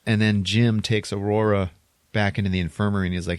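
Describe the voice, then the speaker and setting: A man's voice: lowish voice, flat delivery, a little fast, clear, resonant tone, no room sound. A man co-hosting a podcast, casually retelling a film plot in a rambling way, chuckling between lines and saying "like" a lot. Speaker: podcast co-host.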